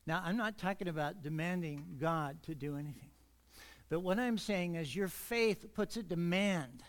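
A man preaching an earnest sermon in church, speeding up when he gets excited. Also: sits high, moderate pace. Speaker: pastor.

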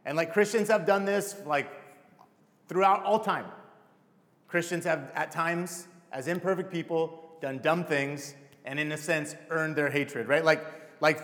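A man's voice: on the high side, fairly bright tone. Emotional casual male preacher in a reverberant hall. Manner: casual, emotional, addresses crowd as "you guys". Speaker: pastor. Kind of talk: sermon.

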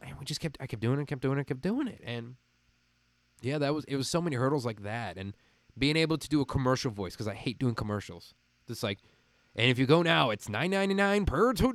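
A man with a faint Midwestern American accent chats as a podcast host, rambling and animated. His voice sits at an ordinary middle pitch. The sound is dry and close, with no room around it, as on a video call. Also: no room sound. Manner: animated, rambling, laughs often. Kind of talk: casual chat.

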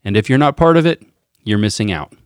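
Picture a swaggering politician delivering a sermon, as a man puts him on, low-voiced and bragging with rally-style repetition. His pitch jumps up on the big claims. The sound is close and dry. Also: animated, brisk, smooth, no room sound, close to an everyday voice. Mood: boastful. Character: boastful male politician preaching a sermon.

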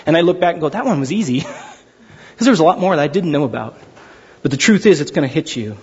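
A man in his forties, a pastor giving a sermon, telling stories with animated quoted voices. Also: a little high, brisk, husky. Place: large church hall. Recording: dull sound with long hall reverb.

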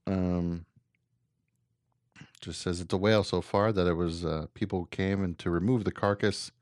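A man with a somewhat low voice hosts a casual talk show, reading news items aloud and joking with his co-host. The sound is close and dry, with no room around it. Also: moderate pace, no echo. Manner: relaxed, joking, reads articles aloud with filler "uh". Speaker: podcast co-host.

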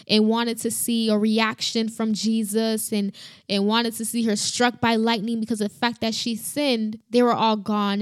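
A woman's voice: fairly high pitch, clear, resonant tone, dry recording, clean studio sound. Earnest woman reflecting on scripture. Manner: earnest, halting, many restarts and "you know". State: emotional. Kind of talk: personal Bible reflection.

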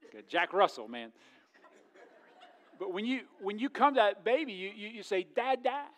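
A middle-aged man, a pastor preaching a sermon in a church, jokey and animated, swinging between loud and hushed. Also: high-pitched, moderate pace. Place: church sanctuary.

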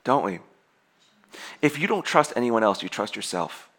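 A young adult man preaching a sermon to his congregation in an animated way, laughing often and restarting his sentences. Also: medium pitch, a little fast. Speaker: pastor.

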